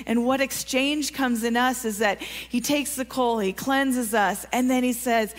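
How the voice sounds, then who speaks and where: Woman preacher, fairly high voice, earnest, encouraging, questions to the congregation, long hall reverb. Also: steady tone, unhurried, hardly any pauses. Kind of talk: sermon. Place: church sanctuary.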